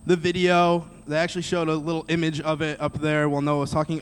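A man's voice: sits high, clean tone. A man preaching a sermon in a direct, conversational way, speaking straight to the audience. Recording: long reverb of a large hall.

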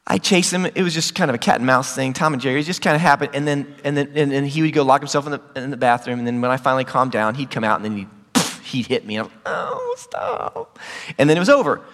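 Racing along with hardly a pause, a middle-aged male pastor recounts a childhood tale during his sermon, jumping to loud, high-pitched squeals to play out each scene. The recording carries a long reverb from the hall.

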